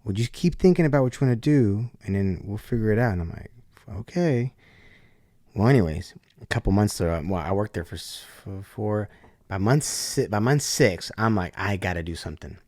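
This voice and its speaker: A man's voice: on the low side, expressive, moderate pace, a little mellow, no room sound, clean studio sound. A man, a podcast guest, telling a story in a loose, slangy way and acting out the voices of the people in it. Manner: acts out voices in his stories, loose and slangy. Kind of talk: animated storytelling.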